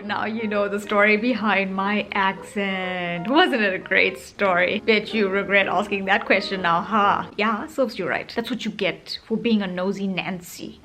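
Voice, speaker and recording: A woman's voice: mid-range voice, a bit bright. A woman in her thirties from South Africa, speaking South African Indian English with a British tinge, chatting expressively and teasingly to camera in a casual vlog. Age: 30s. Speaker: vlogger.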